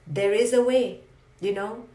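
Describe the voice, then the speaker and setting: A woman's voice: mid-range voice, measured pace, dark tone, roomy sound. A woman giving an emphatic, livestreamed motivational talk, repeating mantras and asking rhetorical questions. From India. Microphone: phone or webcam.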